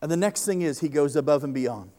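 A man's voice: fairly high pitch, expressive, fast, mellow. A man preaching a sermon to a congregation, impassioned, often doubling the first word of a sentence as he builds. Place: church service before a congregation.

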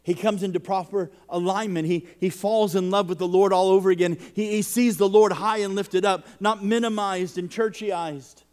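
A man's voice: high-pitched, steady tone, moderate pace, hardly any pauses, a little mellow. A man preaching a sermon to a congregation, impassioned, often doubling the first word of a sentence as he builds. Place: church service before a congregation.

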